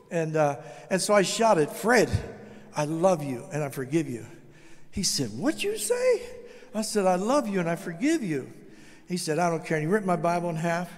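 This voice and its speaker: A high-pitched older man delivering a testimony sermon, lively and storytelling, acting out the voices in his tale. His voice rings with a long reverb, as if heard in a large church sanctuary. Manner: animated storytelling, acts out quoted dialogue. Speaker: guest speaker.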